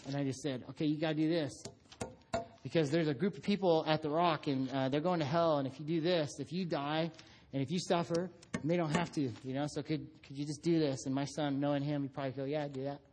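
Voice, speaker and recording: A man's voice: fast, a little hiss or hum. A middle-aged man preaching a sermon, telling stories about his son and acting out voices. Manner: animated storytelling, acts out his son in a high voice. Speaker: pastor.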